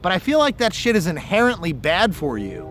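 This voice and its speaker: High-voiced man rambling on a fishing stream. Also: huge pitch swings, brisk, a bit bright, soft background music. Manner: rambling, profane storytelling. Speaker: fishing livestream host. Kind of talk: casual chat. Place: outdoors fishing by water. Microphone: phone or camera on a livestream.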